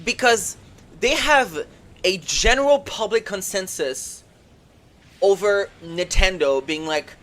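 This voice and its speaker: A streamer rants about competitive gaming on a livestream in a mid-range, slightly bright voice at a slow pace. The rant is heated, indignant and full of swearing, rambling with fillers and restarts and mocking others through sarcastic quotes.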